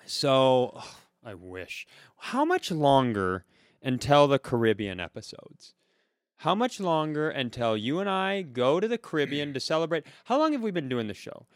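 A man's voice: medium pitch, big pitch swings, normal speed, no room sound, studio quality. Rambling Midwestern man telling a story. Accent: Upper Midwest American. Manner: rambling storyteller, acts out other people's lines. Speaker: podcast co-host. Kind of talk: casual comedic chat.

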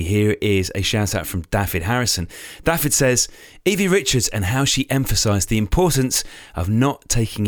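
A man's voice: lowish voice, no room sound, studio quality. A man co-hosting a cycling podcast, reading club notices in an upbeat, chatty way. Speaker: podcast co-host. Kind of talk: casual chat.

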